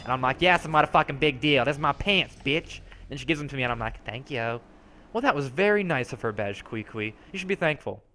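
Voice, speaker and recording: A man's voice: mid-range voice, expressive, a little fast, pushed and bright, slight background noise. A man voicing a sassy, foul-mouthed rogue character, telling a brash, slangy, profane story as comedic commentary.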